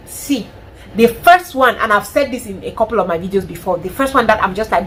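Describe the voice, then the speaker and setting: A woman's voice: a little high, brisk, husky, low-quality recording. Frank Cameroonian woman giving advice. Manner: frank, animated, emphatic. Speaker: lifestyle vlogger. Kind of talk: casual advice monologue.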